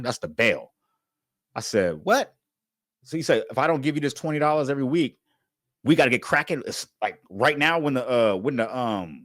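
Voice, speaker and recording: A man tells a story in a loose, animated way, his pitch leaping up and down as he acts out what was said. He laughs often between lines. The recording is dry and close, with no room sound. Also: no echo. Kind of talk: casual story time.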